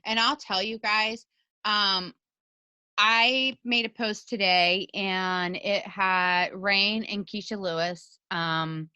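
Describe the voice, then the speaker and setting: A woman's voice: mid-range voice, steady tone, slow pace, bright, forceful tone, smooth, dry recording, muffled recording. A woman co-hosting a motivational video call, talking in a rambling, casual way that keeps interrupting itself.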